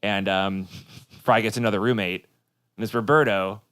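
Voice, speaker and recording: A man's voice: on the low side, fairly even intonation, moderate pace, a bit bright, clean tone. A man co-hosting a podcast, chatting casually about a cartoon episode and laughing as he quotes lines. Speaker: podcast co-host.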